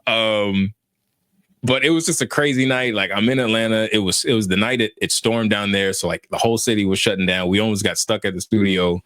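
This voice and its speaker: A man in his thirties telling a story casually on a podcast, animated and self-mocking, laughing as he goes. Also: on the low side, a little fast, no room sound, clean studio sound. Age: 30s. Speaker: podcast host.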